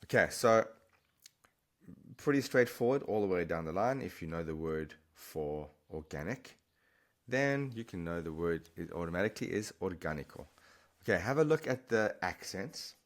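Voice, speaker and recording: Deep-voiced man teaching in a chatty way. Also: lively intonation, normal speed. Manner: chatty, encouraging, repeats and restarts while explaining. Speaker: Spanish teacher. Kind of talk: explaining vocabulary to camera.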